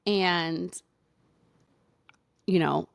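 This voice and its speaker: A woman with a low-pitched voice hosts her own podcast as a doctor, telling a personal story. Her talk is loose and chatty, full of "like" fillers. The sound is dry and close, with no room around it. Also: steady tone, drawn-out words, creaky, dry recording. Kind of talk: casual storytelling monologue.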